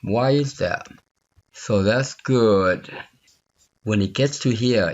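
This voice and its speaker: Slow-talking man thinking aloud at his screen. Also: lowish voice, lo-fi sound. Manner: thinking aloud, repeats phrases, asks viewer "you see there?". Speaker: software tutorial instructor. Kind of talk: unscripted screen-recorded coding walkthrough.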